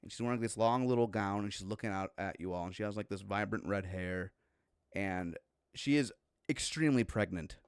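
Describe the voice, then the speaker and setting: A man's voice: fairly low pitch, a little fast, clear, resonant tone, no echo, clean studio sound. A man running a horror tabletop game as game master, narrating loosely with plenty of fillers.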